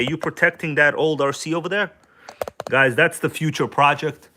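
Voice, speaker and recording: A man's voice: on the high side, fairly even intonation, normal speed, sharp tone. A man hosting a casual hobby livestream from home, talking loosely and joking with viewers. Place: at home, kitchen table.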